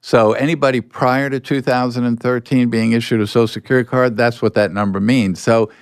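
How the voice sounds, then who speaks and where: An older man, a podcast guest, telling anecdotes in a relaxed way and acting out bits of dialogue. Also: mid-range voice, a little fast, smooth, no echo, studio quality. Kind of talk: storytelling in a podcast interview.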